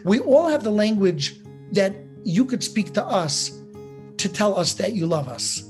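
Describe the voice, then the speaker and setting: A man, a rabbi teaching a class, telling a parable in a lively, conversational way and putting questions to his listeners. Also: high voice, a little slow, faint music behind. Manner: animated storyteller who acts out dialogue; conversational, asks the audience questions.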